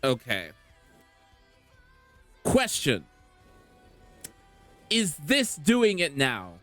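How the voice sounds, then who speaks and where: Giggly streamer chatting slow on a dry mic, faint music behind. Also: medium pitch. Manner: giggly and animated, laughs often. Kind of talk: casual live game stream chat. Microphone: streaming microphone.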